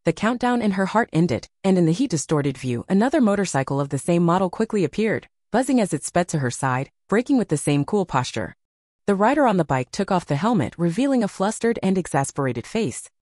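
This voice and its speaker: A woman reading a novel aloud as audiobook narration, with expressive storytelling. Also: on the low side, brisk, dry recording, clean studio sound.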